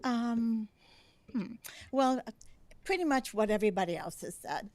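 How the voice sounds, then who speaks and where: A woman's voice: a little high, measured pace, a little mellow, dry recording. A woman resident giving a rambling, earnest public comment at a city commission meeting, speaking into a podium microphone. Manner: earnest, rambling, a little emotional. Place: city council chamber.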